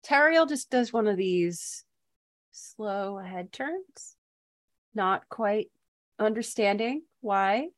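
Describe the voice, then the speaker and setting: Animated woman playing a tabletop game. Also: mid-range voice, slow, no room sound, studio quality. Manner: chatty, hesitant, many restarts. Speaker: player.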